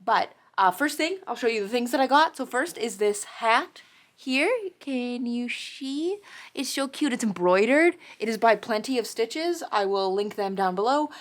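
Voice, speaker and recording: A young woman artist vlogging casually about a convention, chatty and excitable with lots of fillers. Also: fairly high pitch, measured pace. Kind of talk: casual vlog chat.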